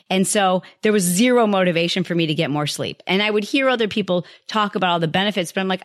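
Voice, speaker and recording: A woman's voice: medium pitch, fast talker, hardly any pauses, fairly bright tone, no room sound. Chatty woman podcast host, dry sound. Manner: chatty and candid, acts out her own past thoughts in quotes. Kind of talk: casual motivational monologue.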